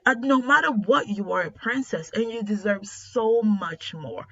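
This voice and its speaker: Firm doting royal dad, voiced by a woman retelling, bright, dull lo-fi sound. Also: mid-range voice, measured pace. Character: protective royal father, middle-aged man.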